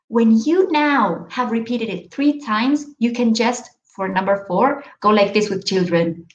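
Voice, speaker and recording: A woman's voice: on the high side, lively intonation, unhurried, few pauses, echoey room, muffled recording. A woman teacher trainer giving a webinar presentation, explaining step by step and checking in with "okay?" and "right?".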